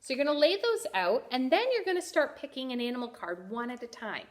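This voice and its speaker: A woman teacher giving a first-grade reading lesson, sounding out letters clearly and praising the children. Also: high-pitched, sing-song, fairly quick. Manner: encouraging.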